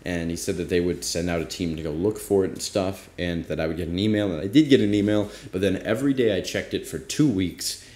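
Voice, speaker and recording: A man's voice: deep voice, fairly quick, hardly any pauses, a little mellow. A young man casually telling a rambling, self-deprecating travel story as a vlogger. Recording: roomy echo.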